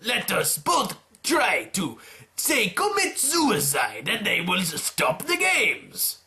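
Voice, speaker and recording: Man putting on a wheedling alien junk dealer, old and scheming, slow drawl, bright tone, lively swoops. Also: high-pitched, pitched above the performer's own voice, full character voice. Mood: coaxing.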